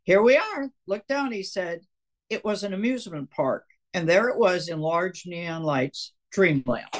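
A woman's voice: fairly low pitch, animated, unhurried. An older woman from Minnesota, a guest author reading a chapter of her own book aloud and chatting with the host.

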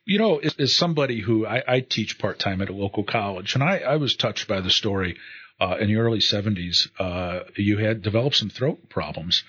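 A man interviewing on the radio, asking a long question with halting restarts. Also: fairly low pitch, animated, sharp tone, breathy edge. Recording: dull lo-fi radio sound.

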